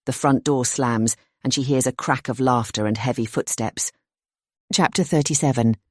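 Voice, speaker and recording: An audiobook narrator reading a thriller in a tense, measured storytelling voice. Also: medium pitch, a little mellow, no room sound, clean studio sound.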